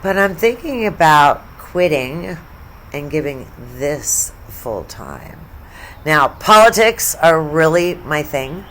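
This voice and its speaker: Middle-aged woman, lower-pitched, casual and profane vlogger, chatty sports talk with side asides. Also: very animated, takes it slowly, a bit bright, a little hiss or hum. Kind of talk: casual storytelling vlog.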